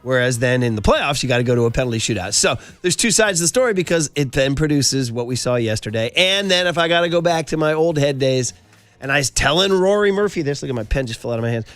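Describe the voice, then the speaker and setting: Animated man hosting sports radio. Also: medium pitch, quick pace, dry recording, faint music behind. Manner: animated storytelling, frequent fillers. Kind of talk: casual sports talk. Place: radio studio.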